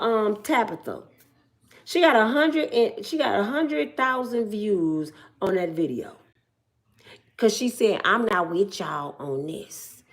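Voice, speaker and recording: Middle-aged woman from Michigan, blunt comic storyteller, lively swooping delivery. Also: sits high. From Michigan, USA. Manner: blunt, joking, acts out quoted voices. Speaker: business owner telling stories. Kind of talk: casual storytelling monologue.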